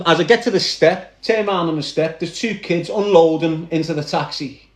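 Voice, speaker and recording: High-voiced Liverpool man telling a tale. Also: roomy sound. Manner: animated, addresses listeners directly. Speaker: guest recounting his past. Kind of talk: dramatic first-person storytelling.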